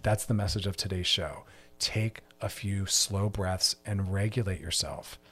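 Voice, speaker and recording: A man's voice: low voice, a little slow, pushed and bright. A man hosting a mental health podcast, talking passionately and preachily, with emphatic repetition. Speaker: podcast host.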